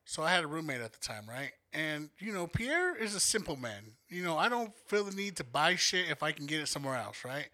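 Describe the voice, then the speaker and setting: Young man, podcast co-host, casual storytelling, heavy swearing, bright forceful voice, slightly high. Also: a little fast, few pauses. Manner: profane, animated storyteller acting out quotes.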